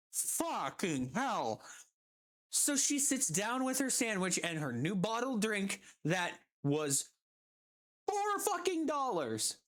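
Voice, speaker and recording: Woman streamer, casual storytelling, exasperated, heavy swearing, lively pitch. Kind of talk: casual storytelling while gaming.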